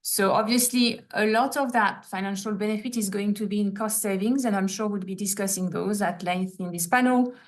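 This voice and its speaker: A woman moderates an online panel discussion. She speaks politely at a measured pace and leans on frequent fillers between thoughts. Her voice sits at an ordinary middle pitch.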